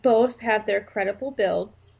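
Podcast co-host, woman, husky, rambling and jokey, lo-fi audio. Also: medium pitch, a little slow, darkish tone. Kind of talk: casual wrestling podcast chat. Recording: slightly dull lo-fi sound.

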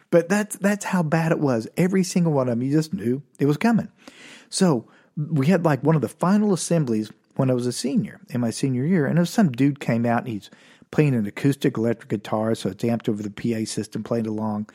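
Wry Oklahoma-raised man telling stories. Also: fast. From Oklahoma, USA. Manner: wry, deadpan asides, swings between loud punchlines and low mutters. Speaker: podcast host and storyteller. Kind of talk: comic storytelling monologue.

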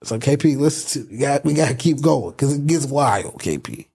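A young man hosting a casual talk show, telling a story in an animated way and acting out what people said. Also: medium pitch, moderate pace, creaky, breathy edge. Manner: animated storyteller, acts out quotes. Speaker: podcast host.

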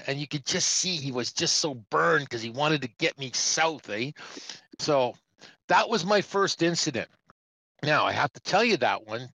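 Middle-aged trucker, chatty storyteller, mid-pitched voice, dry close sound. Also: male voice, no echo, low-quality recording. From Canada. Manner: rambling, animated, acts out the voices of other people. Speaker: truck driver telling a story on a trucking talk show. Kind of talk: casual storytelling.

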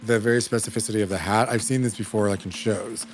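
A man's voice: fairly low pitch, steady tone, fast talker, faint music behind. A man co-hosting a casual chat, sassy and gushing, often trailing off and restarting. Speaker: co-host.

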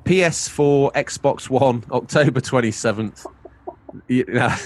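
A man's voice: medium pitch, slow, a little hiss or hum. A man co-hosting a podcast, playful and jokey, reading game release news between laughs. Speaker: podcast co-host. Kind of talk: casual podcast chat and game-release readouts.

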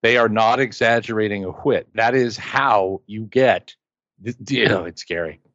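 A man's voice: lowish voice, normal speed, a bit bright, no room sound, highs cut off. A man co-hosting a casual movie chat, enthusiastic and rambling, with playful asides. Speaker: podcast co-host.

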